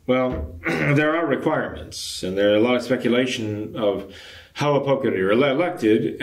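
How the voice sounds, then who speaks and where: Speaking in a mid-range voice, this older man is a traditionalist Catholic priest responding to a question from a viewer. His delivery is careful and explanatory, broken up by frequent hesitations, and the recording has an echoey room sound.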